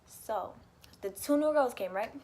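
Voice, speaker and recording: A young woman telling a story in a casual vlog, animated and chatty, swearing freely and laughing often. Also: a little high, unhurried. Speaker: vlogger.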